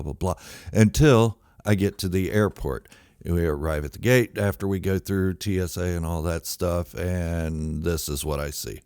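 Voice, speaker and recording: Deep-voiced man telling a comic story. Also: moderate pace, smooth, no room sound, clean studio sound. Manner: excitable, exaggerated, swings between loud outbursts and low mutters. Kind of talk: comic true-story monologue.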